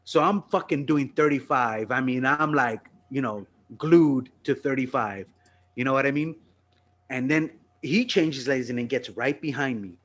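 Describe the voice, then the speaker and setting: This is a man with an ordinary mid-range voice, co-hosting a comedy podcast. He tells a rambling anecdote in a relaxed, profane way and keeps checking in with his listeners. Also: mid-range voice, moderate pace. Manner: loose, profane anecdote-telling with frequent "you know what I mean" and "right?". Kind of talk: casual storytelling chat.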